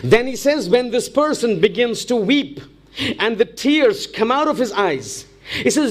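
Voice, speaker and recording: A man with a strikingly high voice delivers a religious lecture. He tells the story step by step and stacks up rhetorical questions to press each point home. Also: moderate pace. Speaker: Islamic preacher.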